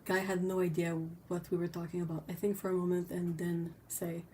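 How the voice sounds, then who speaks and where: Chatty woman hosting a livestream, lowish voice. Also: little pitch movement, brisk, mellow, slight background noise. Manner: chatty, reads viewer comments aloud. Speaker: livestream host. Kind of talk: casual livestream chat.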